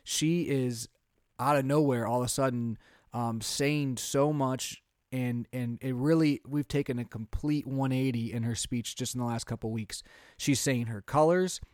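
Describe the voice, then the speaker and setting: A man in his thirties, a podcast co-host and father, chatting casually and telling animated stories. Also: medium pitch, measured pace, dry recording, studio quality. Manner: chatty, animated storytelling with quoted voices. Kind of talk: casual chat.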